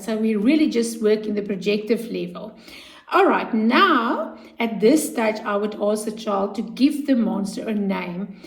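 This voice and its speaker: A middle-aged woman with a South African accent, a play therapist calmly explaining a technique step by step and acting out what child and therapist might say. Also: on the high side, vocal fry. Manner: calm, step-by-step, acts out child and therapist lines. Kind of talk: instructional explanation.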